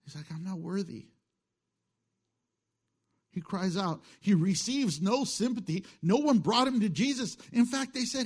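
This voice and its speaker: A middle-aged male pastor preaching a sermon in a conversational way, moving between hushed asides and emphatic lines, chuckling at his own jokes. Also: high voice, lively intonation, a little slow, long pauses, breathy edge.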